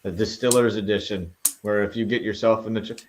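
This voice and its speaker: A man's voice: lowish voice, fairly even intonation, quick pace, darkish tone. A man hosting a casual round table chat, often stumbling and repeating words.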